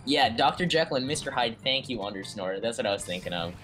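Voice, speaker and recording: Young dude casting a video game match, jumpy swings in pitch, swears a lot, faint music behind. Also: male voice, fast talker. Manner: excitable, slangy, swears a lot. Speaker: stream commentator. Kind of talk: casual game commentary.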